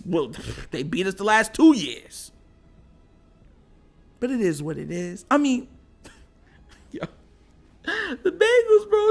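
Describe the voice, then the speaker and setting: A sports show host ranting casually as a fan, with slangy trash talk and frequent laughter between lines. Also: mid-range voice.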